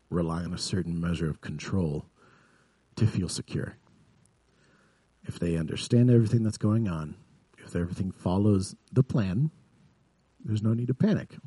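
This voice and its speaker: A man preaches a sermon with a low, husky voice and a mellow tone. He builds earnestly toward vivid emphasis, then sinks back to a soft, quiet delivery. The sound is dry and close. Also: no echo. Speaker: pastor.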